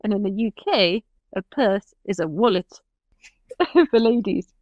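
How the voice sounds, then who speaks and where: Woman chatting, slow and laughy, makes fun of herself, dry close sound. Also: mid-range voice, expressive, no echo, highs cut off. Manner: laughs often, self-mocking. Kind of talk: casual chat.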